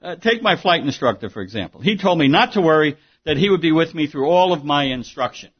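Male pastor, husky voice, slightly high, emphatic conversational sermon style, muffled recording. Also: animated, brisk. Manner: emphatic, conversational preaching with asides and rhetorical questions.

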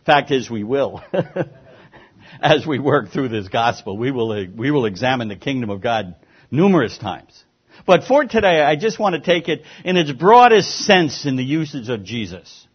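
A man's voice: medium pitch, sing-song, a little slow, husky, highs cut off. A man preaching a sermon as pastor, earnest and emphatic, sometimes stumbling over repeated words.

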